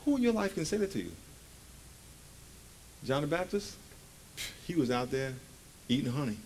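A man's voice: a little high, very animated, moderate pace, long pauses, darkish tone, a little hiss or hum. A man in his forties preaching a conversational sermon in a church, joking and firing rhetorical questions at the congregation.

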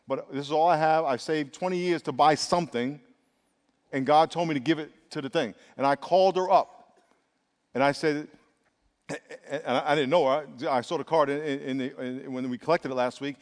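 A high-pitched middle-aged male pastor delivers an emphatic sermon, drawing the congregation into call and response. His voice carries the long reverb of a large church sanctuary. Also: a little mellow.

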